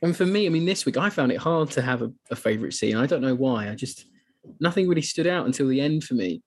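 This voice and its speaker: A man co-hosting a film podcast, talking enthusiastically and getting animated as he retells scenes. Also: mid-range voice, fast, husky. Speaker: podcast co-host. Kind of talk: casual podcast chat.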